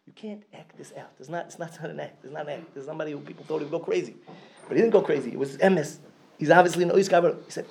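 Gravelly Yeshivish man telling a sermon story. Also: on the high side, rapid-fire. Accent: Yeshivish English, Yiddish and Hebrew words. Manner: storytelling, swings from loud to near whisper. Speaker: rabbi giving a talk.

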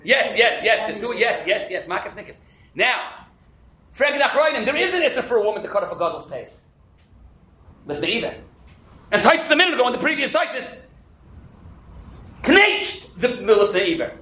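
A man teaching a Talmud class, animated and quick, fielding questions and dropping in Hebrew and Yiddish terms. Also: very high-pitched, roomy sound, low-quality recording. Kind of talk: interactive class lecture.

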